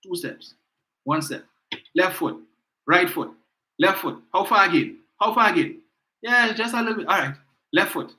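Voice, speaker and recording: A man's voice: high voice, expressive, moderate pace, pauses often, bright, forceful tone, voice pushed up, full character voice. A man putting on the voice of a frail older woman politician who needs help walking, fussy and short of breath. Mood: breathless. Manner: breathless, fussy, step-by-step mocking.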